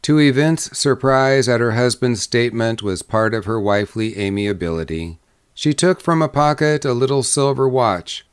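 A man reading a short story aloud as an audiobook narrator, with measured pacing that slows on descriptive lists. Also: mid-range voice, smooth. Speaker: audiobook reader. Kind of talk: scripted narration.

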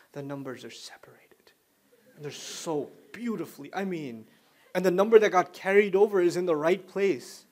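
A man giving a religious lecture, explaining ideas through repeated everyday examples, joking and acting out what people say. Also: high voice. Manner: animated, joking, acts out quoted speech. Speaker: Islamic lecturer.

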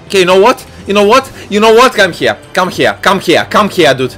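A young adult man giving excitable, jumpy let's-play commentary full of shouts and exclamations. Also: high voice, fairly quick, hardly any pauses, faint music behind. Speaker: gaming YouTuber.

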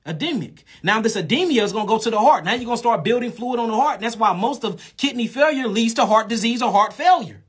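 A man's voice: high-pitched, a bit bright, breathy edge. A man giving a freewheeling holistic health lecture, emphatic and blunt, instructing listeners directly and cursing casually.

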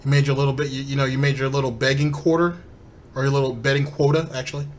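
A man's voice: mid-range voice, level tone, fast, a little hiss or hum. Sarcastic man mocking clips. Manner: sarcastic and mocking, addresses viewers. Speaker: commentary channel host. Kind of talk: reaction commentary on clips.

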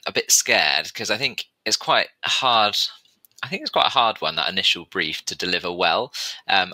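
A man, an expedition medic, talking in a relaxed, reflective way on a podcast and laughing along. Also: sits low, dry recording, poor audio. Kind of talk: casual conversational podcast.

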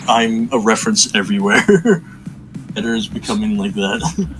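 A man's voice: fairly low pitch, big pitch swings, moderate pace, poor audio. A man chatting casually over a game, giving gameplay tips with playful teasing and frequent giggles. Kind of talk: casual gaming chat. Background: game music.

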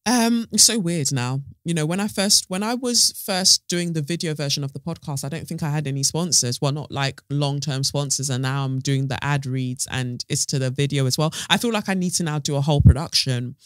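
A woman's voice: sits low, fairly quick, hardly any pauses, no room sound, clean studio sound. A British woman hosting a solo podcast, talking in a chatty, playful way, full of asides and slang. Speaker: podcast host. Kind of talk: casual solo podcast chat.

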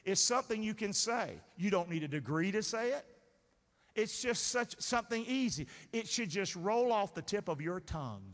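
Animated, bright-voiced male preacher. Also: high voice, normal speed. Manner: preaches with call-and-response questions. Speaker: pastor. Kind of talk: sermon. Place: church sanctuary. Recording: reverberant sanctuary sound.

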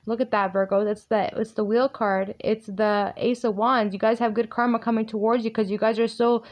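A woman with a fairly high voice runs through a tarot reading for her viewers. She talks bluntly and with emphasis and swears freely. Her tone is direct and forceful. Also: flat delivery, normal speed, hardly any pauses, dull audio. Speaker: tarot reader.

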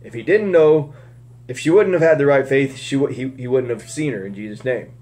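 A man's voice: medium pitch, a little fast, a little mellow. A man giving casual Bible teaching, rambling with many restarts and fillers.

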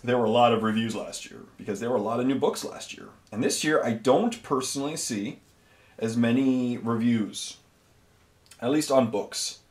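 A man's voice: mid-range voice, normal speed, a little mellow, reverberant. A man hosting a miniature painting video, talking casually while he paints and rambling with many fillers and self-corrections.

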